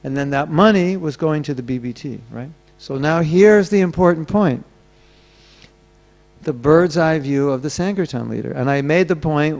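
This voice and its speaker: A man's voice: a little high, normal speed, gravelly, a little mellow. A man giving a sermon at a temple gathering, telling stories and acting out the voices of the people in them. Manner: storytelling, acting out quoted voices. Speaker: temple speaker.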